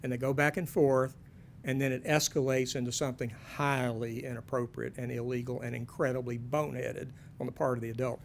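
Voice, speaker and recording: A man's voice: mid-range voice, level tone, a little fast, gravelly, a little hiss or hum. A man giving a conversational talk to parents, with folksy joking asides.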